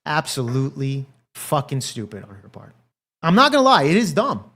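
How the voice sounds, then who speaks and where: A man's voice: fairly high pitch, huge pitch swings, moderate pace, a bit bright. A man hosting a livestream, chatting casually in a crude, profane, rambling way and talking straight to his live chat. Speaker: livestream commentary host.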